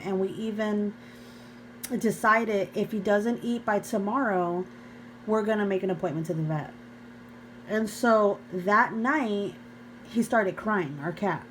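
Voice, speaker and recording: A woman's voice: mid-range voice, a little hiss or hum, poor audio. A young woman vlogger earnestly telling an emotional personal story to her viewers, often calling them "you guys". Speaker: faith vlogger.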